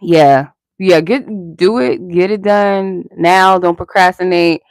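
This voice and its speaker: A woman's voice: on the low side, slow, dry recording, studio quality. A young woman hosting a live-stream tarot reading, chatty and rambling, answering her chat and laughing often.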